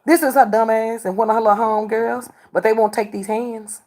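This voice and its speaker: A woman on a live stream, where she gives readings, snaps back at her chat in a scolding, combative way, hammering points through repetition. Her voice is on the high side and darkish, brisk, with fairly even intonation.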